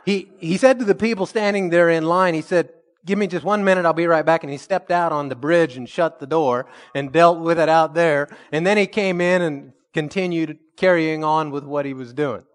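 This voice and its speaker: A man preaching a sermon, telling a story and slowing down to stress key words. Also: on the high side. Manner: storytelling preacher, slows for emphasis and rises when excited. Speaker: pastor.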